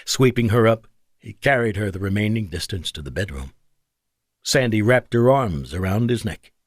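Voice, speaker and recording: Brief: male narrator, mid pitch, lively intonation, measured scripted read, dry booth. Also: no echo. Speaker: audiobook narrator.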